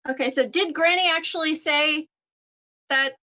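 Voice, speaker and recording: A woman's voice: high-pitched, moderate pace, bright, forceful tone. A woman playing in a tabletop game over voice chat, giggling and laughing often as she speaks. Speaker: player. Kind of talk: casual tabletop play.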